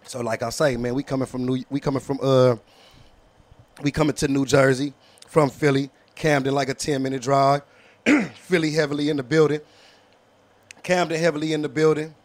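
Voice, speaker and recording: A man telling an animated, profane story in casual slangy street talk as a guest, often asking "you know what I'm saying". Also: medium pitch, moderate pace. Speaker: battle rapper.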